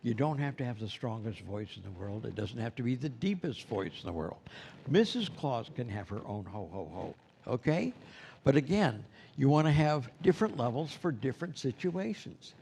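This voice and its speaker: A man's voice: medium pitch, big pitch swings, moderate pace, gravelly, a little mellow, a little hiss or hum. A man teaching a Santa training class in a loose, conversational way, often asking the class questions. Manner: conversational, loose, asks the class questions, many "you know"s. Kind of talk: classroom lecture.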